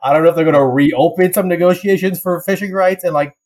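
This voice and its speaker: A young man in casual chat, telling a story with lots of laughs and quick put-on voices. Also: a little high, rough recording. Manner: animated storytelling, laughs often, slips into voices.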